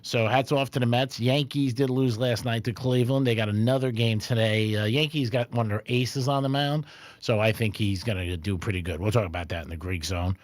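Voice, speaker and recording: A man's voice: medium pitch, dry recording. Joking male sports radio host, dry sound. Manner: joking, laughs often, talks about betting. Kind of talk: casual sports radio banter. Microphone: studio microphone.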